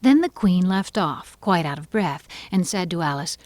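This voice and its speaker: A woman reads an audiobook in a steady, clear storytelling manner. Her voice sits on the low side. The recording is close and dry. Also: moderate pace, dry recording. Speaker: audiobook narrator. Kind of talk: scripted narration.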